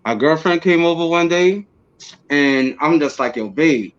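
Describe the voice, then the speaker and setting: A man's voice: fairly high pitch, smooth. A man being interviewed, telling a personal story casually and acting out what he said back then with bursts of energy and laughs. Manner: animated, acts out his own past words with quick bursts and laughs. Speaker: interview guest. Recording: slightly dull lo-fi audio.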